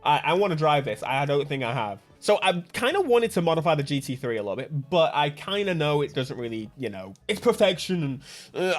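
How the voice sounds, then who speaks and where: A man hosting a gaming channel, commenting on a racing game in a jokey, excitable way and laughing often. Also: on the high side, brisk, soft background music.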